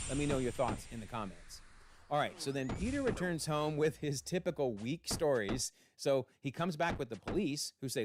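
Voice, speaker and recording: A man from Canada, a channel host recapping a comic book in an excitable, animated way. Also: fairly high pitch, noisy background.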